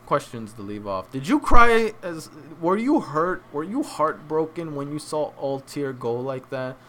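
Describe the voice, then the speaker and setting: A young man hosting an anime review, choked up and crying, talking in a heartfelt, halting way with many restarts. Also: fairly high pitch, expressive, bright, forceful tone, a little hiss or hum. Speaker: anime reaction channel host. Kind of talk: emotional casual review.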